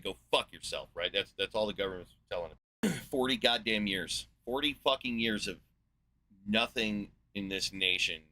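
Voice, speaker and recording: A man's voice: lowish voice, pushed and bright. A man in his forties from the United States, ranting in a sarcastic, profane monologue as a podcast host. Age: 40s.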